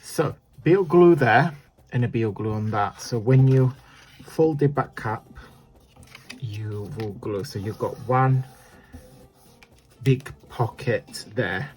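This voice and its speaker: A man's voice: mid-range voice, takes it slowly, long pauses, a little mellow. Chatty man demonstrating a craft. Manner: chatty, self-deprecating, talks while working. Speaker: crafting channel host. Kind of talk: casual crafting tutorial.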